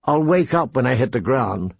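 A man's voice: medium pitch, animated, normal speed, gravelly, slightly rough, no echo. A man reading aloud who voices a frightened young boy, raising his voice to plead and protest. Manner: pleading, fearful.

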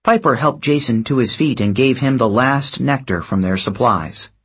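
A man narrating an audiobook in slow, expressive storytelling. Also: mid-range voice. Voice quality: husky, breathy.

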